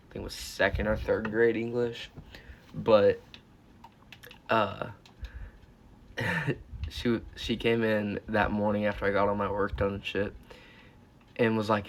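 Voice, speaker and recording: Teen guy rambling thru a storytime vlog, kinda low voice, swears a lot, says like constantly. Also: flat delivery, moderate pace, long pauses. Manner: rambling, profane, full of "like" and "uh". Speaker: YouTuber.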